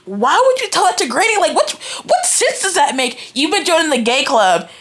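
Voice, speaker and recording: A young woman giving a casual, animated book reaction, ranting in exasperation and filling her talk with "like" and "right?". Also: sits high, moderate pace. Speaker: book reviewer. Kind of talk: casual reading-reaction rant.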